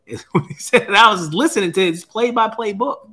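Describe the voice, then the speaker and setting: A man's voice: high-pitched, a little fast, sharp tone, breathy edge. A man who is a guest and author, telling a personal story in an interview in an earnest way and often repeating words as he starts a thought.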